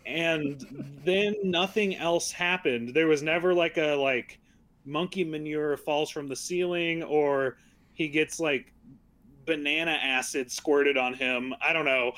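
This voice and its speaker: A man co-hosting a casual movie-review podcast. His voice sits somewhat high for a man, and his delivery is sarcastic and loose, full of fillers and quick laughs. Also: fairly bright tone. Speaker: podcast co-host.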